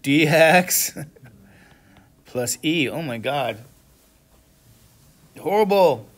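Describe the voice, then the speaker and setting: A man teaching a classroom lecture who keeps asking the class questions to check they follow, with sudden animated exclamations. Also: a little high, extremely slow. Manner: asks the class frequent questions, checking understanding. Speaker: math instructor.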